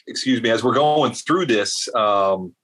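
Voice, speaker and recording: This man is a guest in an interview, telling a winding story. He keeps stopping to restart and add little asides, and his voice sits at a middling pitch. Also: slow pace, husky. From South Carolina. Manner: rambling, animated storyteller with many fillers. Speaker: veterans advocate guest.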